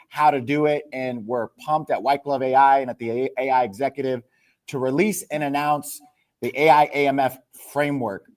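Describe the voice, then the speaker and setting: A man hosting a live business broadcast, upbeat and energetic in his delivery. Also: a little high. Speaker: host.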